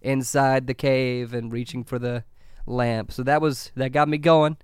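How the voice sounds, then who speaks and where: A man's voice: mid-range voice, steady tone, unhurried, smooth, no echo, clean studio sound. A man in his twenties co-hosting a casual podcast about movies, laughing often and stumbling over repeated words. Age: 20s. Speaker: podcast co-host.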